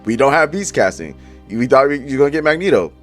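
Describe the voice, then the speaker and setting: A man's voice: mid-range voice, animated, quick pace, fairly bright tone, faint music behind. A young man giving casual, profane commentary straight to his viewers, full of slang. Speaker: YouTuber reviewing movie casting.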